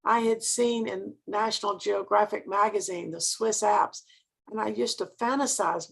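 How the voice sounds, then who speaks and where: A woman's voice: mid-range voice, steady tone, measured pace, gravelly, breathy edge. An older woman from Mississippi, giving an earnest motivational sales talk and asking her listeners direct questions.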